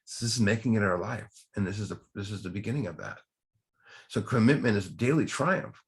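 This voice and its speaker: A man's voice: fairly low pitch, expressive, a little fast. A man speaking to a recovery study group in a casual, rambling way with many restarts. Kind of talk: casual talk.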